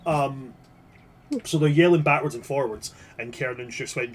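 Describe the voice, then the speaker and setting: A man's voice: medium pitch, moderate pace, slightly rough. A man narrating as game master in a casual, sweary way, often restarting his sentences.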